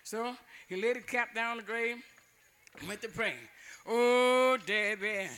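An older man tells a folk tale in a loose, repetitive style with frequent chuckles. His voice sits high. Its tone is bright and forward. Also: steady tone, normal speed. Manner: chuckling, dialect-rich, repetitive. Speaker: storyteller.

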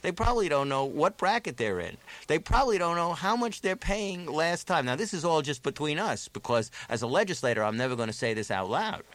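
A man's voice: fairly high pitch, sing-song, fairly quick, hardly any pauses, fairly bright tone, no echo, pitched above the performer's own voice. A man playing a cynical, self-serving state legislator in an on-air role-play, blunt and wheeling-dealing. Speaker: political analyst.

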